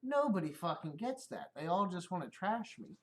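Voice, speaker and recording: A man's voice: sits high, big pitch swings, moderate pace. A middle-aged man on a casual livestream, rambling and swearing, often laughing at his own stories. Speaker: streamer.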